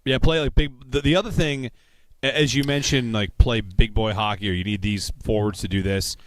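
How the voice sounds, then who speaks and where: A man's voice: on the low side, steady tone, fairly quick, dry recording. A man hosting a sports talk radio show, chatting in a rambling, conversational way and reading show promos from a radio studio.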